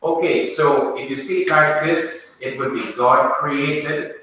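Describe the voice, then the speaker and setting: A man with a Jamaican accent teaching a language class in a classroom, speaking deliberately and quizzing his students with questions. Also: fairly high pitch, fairly even intonation, bright, forceful tone. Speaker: Bible teacher. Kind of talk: classroom lecture. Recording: echoey room, mic far off.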